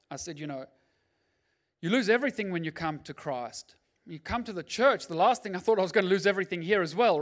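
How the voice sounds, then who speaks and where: A middle-aged man preaching as a pastor, swinging between loud urging and quiet, personal storytelling. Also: fairly high pitch. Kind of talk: sermon.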